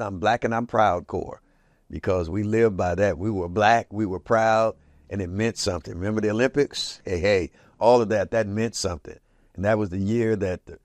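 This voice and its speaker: Older man telling lively stories. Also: no echo, clean studio sound. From Portland, Oregon. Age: 70s. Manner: lively, acts out quoted voices with big jumps in pitch and loudness. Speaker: interviewee recalling community history. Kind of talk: casual storytelling reminiscence.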